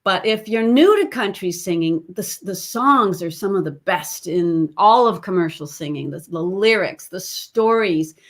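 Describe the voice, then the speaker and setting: Speaking at a measured pace with few pauses, a woman with a lowish, expressive voice teaches an online voice lesson through her computer mic. She's chatty, explains as she goes, and slips sung snippets and sound demonstrations into her explanations.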